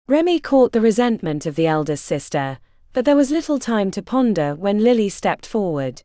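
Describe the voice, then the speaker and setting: A woman narrating a fantasy audiobook in an expressive, scripted reading. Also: medium pitch, normal speed, no room sound, studio quality.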